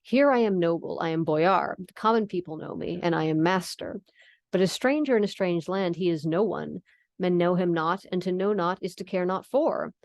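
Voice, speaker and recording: A woman's voice: on the low side, normal speed, a little mellow, no room sound, clean studio sound, natural voice. Dracula, read aloud by a woman. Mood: grave. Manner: stately, archaic read-aloud phrasing. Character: formal aristocratic old male vampire count.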